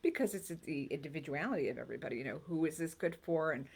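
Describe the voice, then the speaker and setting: A woman's voice: low-pitched, lively intonation, quick pace, a little mellow, breathy edge. Chatty sentimental woman co-host. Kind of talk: casual TV talk chat.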